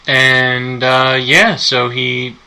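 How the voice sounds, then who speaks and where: A man's voice: medium pitch, little pitch movement, extremely slow, bright, forceful tone, rough recording. A man co-hosting a podcast, casually retelling a movie plot in a rambling, enthusiastic way. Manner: rambling, enthusiastic storytelling with fillers. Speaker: podcast co-host.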